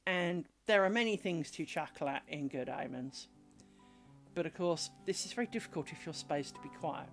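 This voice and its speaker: A woman's voice: low-pitched, normal speed. Chatty woman over background music. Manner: rambling, chatty storytelling; mutters and scolds herself while working. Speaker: craft streamer. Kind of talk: casual live-stream chat while working. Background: music playing.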